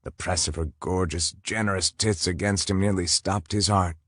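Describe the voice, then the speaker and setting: A man narrating a romance audiobook in a measured, intimate storytelling manner. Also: low-pitched, steady tone, dry recording, studio quality.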